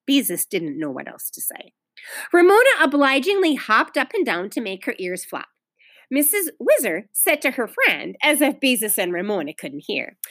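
A middle-aged woman teacher reading a children's novel aloud to her class, telling the story in an expressive, clear way. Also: on the high side, moderate pace, dry recording.

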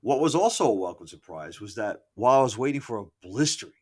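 A middle-aged man recalling a concert in a casual, profane and opinionated rant, full of asides, self-corrections and loud outbursts. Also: mid-range voice, expressive, fast talker. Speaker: concert reviewer. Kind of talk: casual spoken concert recollection.

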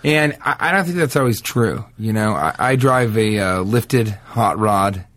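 A man co-hosting a comedy podcast, telling absurd jokes in a straight, deadpan way. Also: lowish voice, measured pace, no room sound. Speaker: podcast co-host. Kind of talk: casual comedy chat.

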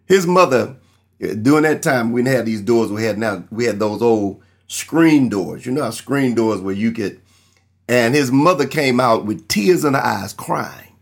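Gravelly-voiced man preaching a testimony. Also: mid-range voice, lively intonation, measured pace. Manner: earnest, storytelling, acts out quoted people. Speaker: pastor. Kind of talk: sermon with personal testimony.

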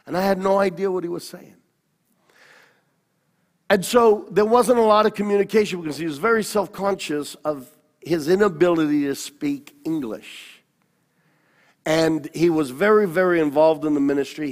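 Preacher man with ringing hall reverb. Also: on the high side. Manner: animated storyteller, halting restarts. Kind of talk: personal testimony sermon.

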